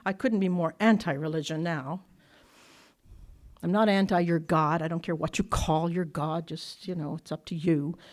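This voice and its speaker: A woman's voice: low-pitched, fairly even intonation, moderate pace. A woman from Ireland, speaking to a recovery meeting and telling her story bluntly and candidly, with frequent laughter. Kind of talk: personal recovery talk to an audience. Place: workshop meeting room.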